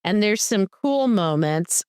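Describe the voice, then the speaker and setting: With a clear, resonant, medium-pitched voice, a woman co-hosting a podcast takes things slowly. The clean studio recording has no room sound as she casually recaps a TV episode, animatedly acting out what the characters say.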